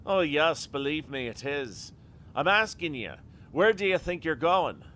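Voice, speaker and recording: A man's voice: on the high side, sing-song, a little slow, pushed and bright, a little hiss or hum, voice pushed up, exaggerated voice. A man voicing a suspicious, bullying tavern doorman in a put-on working-class London accent, blunt and menacing.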